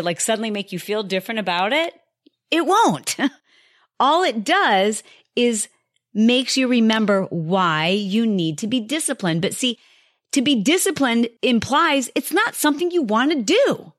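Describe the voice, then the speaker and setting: A woman's voice: medium pitch, fairly bright tone, no room sound, studio quality. A woman hosting a podcast, talking candidly and casually to her listeners about habits, often acting out her own past thoughts. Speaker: podcast host. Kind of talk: casual motivational monologue.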